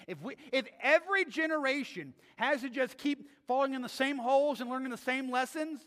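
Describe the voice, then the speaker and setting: High, bright-voiced preacher in a reverberant church. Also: male voice, expressive, brisk. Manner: conversational preaching with frequent rhetorical "right?". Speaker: pastor. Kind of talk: sermon. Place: church sanctuary.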